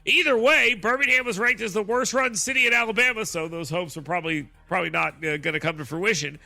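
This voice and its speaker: Talk radio host, male, sardonic, bright cutting tone, dry studio sound. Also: sits high, fast talker, vocal fry, no echo. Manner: sarcastic, mocking, animated asides.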